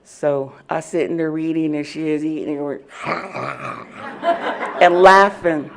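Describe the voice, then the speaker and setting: A woman giving an animated personal testimony at a recovery meeting, laughing often as she tells it. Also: low-pitched, slow. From Oklahoma.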